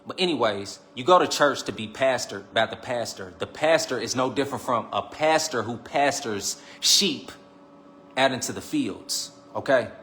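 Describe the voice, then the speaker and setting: A man hosting a live stream, preaching casually and teasing his viewers, repeating his lines and swinging between loud calls and quiet asides. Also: mid-range voice, lively intonation, moderate pace, slight background noise. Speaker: livestream host.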